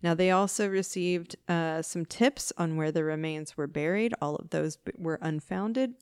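A woman's voice: lowish voice, normal speed, darkish tone, clear, resonant tone, no echo, studio quality. A woman hosting a podcast, telling a true-crime case in a casual, chatty way with wry asides and swearing. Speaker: podcast host.

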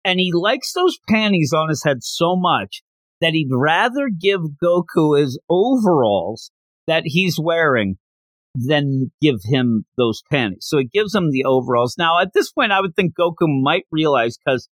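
A man hosting a podcast, casually recapping a manga chapter in an animated way and slipping into quick character voices. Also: on the high side, no echo. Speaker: podcast host.

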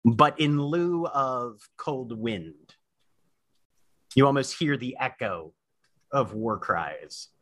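A man running a tabletop game as storyteller, narrating scenes in a measured, descriptive way. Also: medium pitch, lively intonation, fairly bright tone, no room sound.

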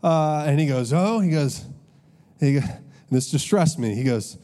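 Man, pastor, sermon, casual asides, mellow tone. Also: fairly high pitch, lively intonation, a little slow. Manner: conversational storytelling, audience asides.

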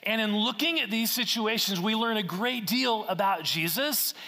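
Pastor, male, high bright voice, earnest conversational sermon delivery with rhetorical questions, echoing church hall. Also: normal speed.

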